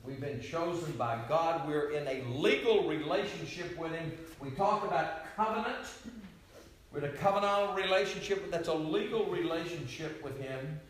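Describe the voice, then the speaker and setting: Emphatic preacher in an echoey hall. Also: male voice, on the high side, lively intonation, normal speed. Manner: emphatic, swinging between loud declarations and quiet asides. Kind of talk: sermon. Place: retreat meeting hall. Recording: echoey room, voice from far off.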